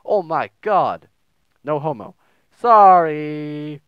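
A man's voice: a little high, animated, very slow, clear, resonant tone, no room sound, highs cut off. A young man giving casual, crude, joking commentary while playing a game, often reading messages aloud in silly voices. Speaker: gaming video host. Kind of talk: casual let's play commentary.

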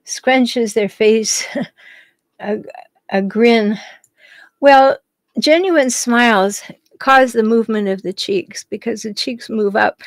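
A woman hosting a live stream, reading viewers' comments and answering them in a gentle, reassuring way. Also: on the high side, dry recording.

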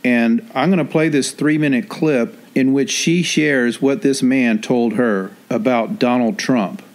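A man hosting an online commentary show, speaking in a measured, cautionary way. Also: medium pitch. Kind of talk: scripted commentary.

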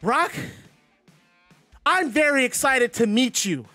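A man's voice: very high voice, big pitch swings, takes it slowly, sharp tone, no echo, faint music behind, pitched above the performer's own voice, exaggerated voice. A man doing a creepy, sugary kids'-show host. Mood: eerily cheerful. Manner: singsong, overly cheerful.

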